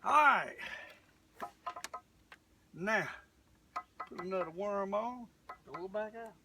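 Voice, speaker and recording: A man's voice: sits high, measured pace, recorded from a distance, noisy background. An older man, hosting a live fishing vlog from a boat on a lake, rambling and folksy as he talks straight to his viewers. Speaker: fishing show host.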